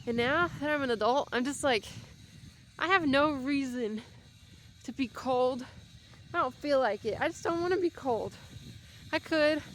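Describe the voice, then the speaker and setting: Out on a cold winter walk, a young adult woman vlogs in a slightly high voice, with a little background noise behind her. Her casual walking vlog is rambling and chatty, sprinkled with jokey asides.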